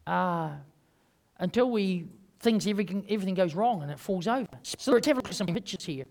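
A man with a New Zealand accent preaching a sermon, rambling and emphatic, swinging between loud and quiet. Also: high voice, animated, a little fast, gravelly. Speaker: pastor.

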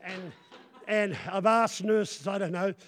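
Male preacher, high voice, loud and rambling, jokes and crowd call-outs. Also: slow. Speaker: guest preacher. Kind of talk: sermon.

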